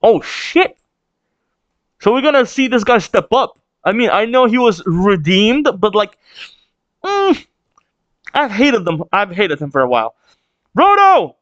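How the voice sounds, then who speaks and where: A man's voice: sits high, very animated, a little slow, pauses often, fairly bright tone, dry recording, lo-fi sound. Man rambling through a manga read-along. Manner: rambling, restarts, swears casually. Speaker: manga reaction host. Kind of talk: casual read-along commentary.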